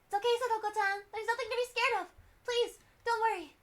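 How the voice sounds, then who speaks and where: Brief: woman playing a fierce protective teen girl, high bright voice. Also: fairly even intonation, fast talker. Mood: soothing. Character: teenage girl, gentle but fiercely protective. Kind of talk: visual novel read-aloud voice acting.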